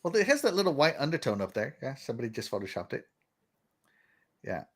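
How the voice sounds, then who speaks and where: A man's voice: mid-range voice, sing-song, fast. A middle-aged man from Texas hosting a casual gaming podcast, rambling and laughing as he reads out viewer comments. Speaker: podcast host.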